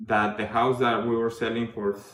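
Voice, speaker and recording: A man's voice: medium pitch, flat delivery, a bit bright. Man telling his story in an echoey room. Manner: earnest, halting, self-correcting. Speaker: event attendee giving a testimonial. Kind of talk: personal testimony. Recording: echoey room, mic far off, faint noise.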